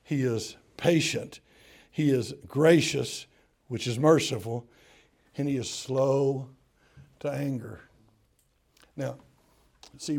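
A man's voice: mid-range voice, creaky, darkish tone, slightly rough. An older man from Tennessee with a Southern accent, preaching a sermon in a folksy, humorous storytelling way.

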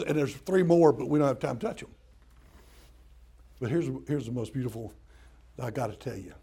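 Folksy older Tennessee preacher, gravelly voice. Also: male voice, mid-range voice, animated, fairly quick, pauses often, warm tone. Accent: Southern US, Tennessee. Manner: folksy storytelling, drawling and humorous. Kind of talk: sermon.

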